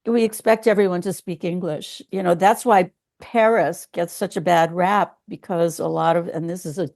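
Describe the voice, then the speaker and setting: A woman's voice: lowish voice, fairly even intonation, normal speed, vocal fry, darkish tone. A woman co-hosting a podcast, chatting casually with wry, opinionated remarks. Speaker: podcast co-host. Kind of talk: casual chat.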